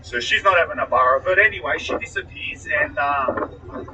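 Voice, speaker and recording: A high-pitched, very bright man telling a story with crude, animated energy. He slips into other people's voices as he goes. His voice comes from some distance off the mic. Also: moderate pace, slight background noise. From Australia. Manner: profane, animated, acts out the other people's lines. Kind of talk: casual storytelling.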